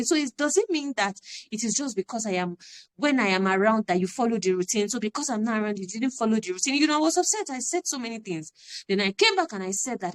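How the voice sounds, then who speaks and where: A woman's voice: a little high, animated, fast talker. A woman, giving an earnest, emphatic parenting talk on a live stream and repeating her key phrases. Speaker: parenting coach.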